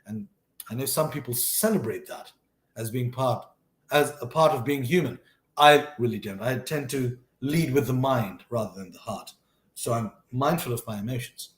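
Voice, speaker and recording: A man's voice: medium pitch, normal speed. A man talking casually and thoughtfully about a life lesson, often restarting and correcting himself mid-sentence. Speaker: host sharing life lessons. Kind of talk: casual reflective monologue. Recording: roomy echo.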